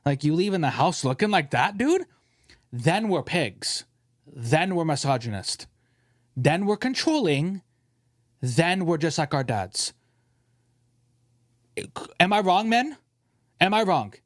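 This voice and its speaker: A man's voice: a little high, sing-song, slow pace, pauses often, dry recording, studio quality. A man hosting a casual podcast, ranting and joking with his co-host, often mimicking other people's voices.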